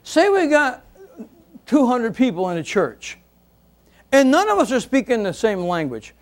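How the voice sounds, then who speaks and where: A man preaching a sermon, asking the congregation questions and moving between loud exclamations and quiet asides. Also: very high voice, sing-song, moderate pace, long pauses. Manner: asks the congregation rhetorical questions.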